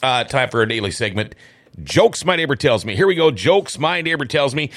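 A man's voice: medium pitch, sing-song, fairly quick, fairly bright tone. Chuckling small-town radio host, a man. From upper Midwest of the United States. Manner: laughs often, folksy and upbeat. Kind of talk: casual local radio chat.

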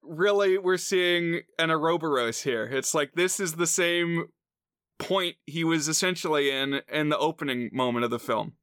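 A man's voice: on the high side, moderate pace, clean tone, no echo, clean studio sound. A man co-hosting a podcast, discussing a film casually and acting out bits of scenes. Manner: animated, acts out lines from scenes. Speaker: podcast co-host.

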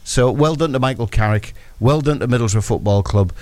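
Animated football pundit. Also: male voice, medium pitch, fairly quick, no echo. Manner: storytelling, acts out his own thoughts. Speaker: football pundit on a breakfast show. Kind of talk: animated radio match recap.

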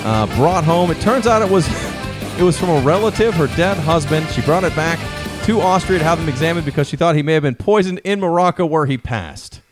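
A man's voice: a little high, a little fast, over music. A man co-hosting a comedy podcast, telling odd news stories in a joking, casual way. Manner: joking storyteller, lively delivery. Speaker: podcast co-host.

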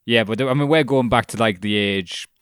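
A man's voice: lowish voice, normal speed, a bit bright, clean tone, no room sound, studio quality. A British man chatting casually and swearing freely, often laughing as he tells stories. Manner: sweary, laughing, loose storyteller. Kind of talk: casual chat.

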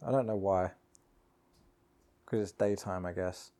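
A man's voice: deep voice, steady tone, measured pace, mellow. Field: man. Role: podcast host. Style: casual film commentary. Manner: rambling, jokey. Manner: rambling, jokey, talks to himself.

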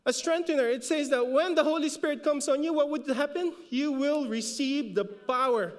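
A man's voice: very high-pitched, normal speed, long reverb tail. A man with a Filipino accent preaching a sermon as a pastor, repeating words for emphasis and rising when he exhorts. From Philippines.

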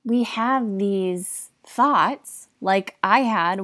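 A woman's voice: mid-range voice, extremely slow, fairly bright tone, dry recording, studio quality. A young woman hosting a podcast, speaking in a candid, confessional way with casual fillers. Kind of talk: personal reflective talk.

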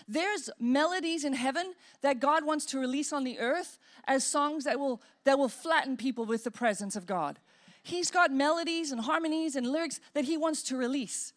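Woman pastor, high voice, animated sermon, acts out inner voices, demonstrates praying in tongues. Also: moderate pace.

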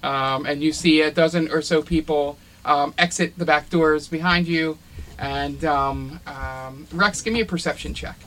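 A man with a voice on the high side and a fairly bright tone narrates a tabletop role-playing game as game master, at a measured pace. He describes scenes descriptively but with frequent ums and uhs. The recording is rough.

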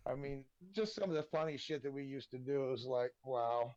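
A man's voice: mid-range voice, fairly quick, darkish tone, no room sound, highs cut off. A man guesting on a podcast, telling loose, profane, laughing anecdotes in a rambling way. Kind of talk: casual storytelling.

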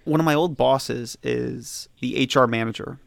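A man who drops his g's, co-hosting a podcast in animated, exasperated casual chat. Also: mid-range voice, normal speed, creaky, no room sound. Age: late 30s. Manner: drops the g's in words ending in -ing. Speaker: podcast co-host.

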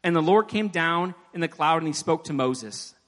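A man preaches in a church with a slightly high voice, and long reverb trails each phrase around the big hall. He talks to the congregation in a casual way, jokes about himself, and acts out the prayers he quotes. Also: animated, normal speed, a bit bright. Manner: conversational preaching with self-deprecating asides, acting out quoted prayers. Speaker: pastor. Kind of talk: sermon.

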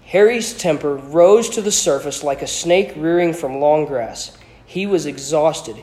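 A man with a somewhat high voice reads a novel aloud to a class and stops to explain it. He slips into casual asides full of hesitations and repeats. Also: measured pace, a little mellow, reverberant, rough recording.

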